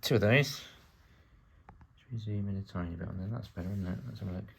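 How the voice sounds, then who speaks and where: A man's voice: fairly low pitch, quick pace, creaky, a little hiss or hum. A British man from the UK giving casual build-along narration as a vlogger, chatty and full of wry asides while he works. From United Kingdom.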